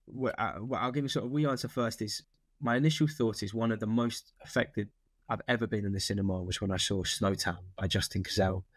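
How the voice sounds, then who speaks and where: A man chats as an interview guest, his voice sitting low and recorded close and dry. He wanders through his thoughts, restarting sentences as he goes. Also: steady tone, a little fast, no echo. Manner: thoughtful, rambling with many restarts. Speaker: actor guest. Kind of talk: casual interview chat.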